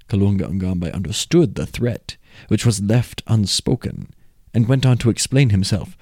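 A man reading a folk tale aloud in a measured, expressive way. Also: lowish voice, no echo, studio quality. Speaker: storyteller.

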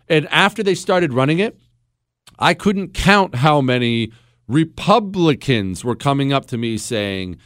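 Blunt, animated male radio host. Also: medium pitch, measured pace, no echo, clean studio sound. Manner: blunt, sarcastic, animated, mocks with mimicry. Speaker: radio talk show host. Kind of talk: opinionated talk radio monologue. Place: radio studio.

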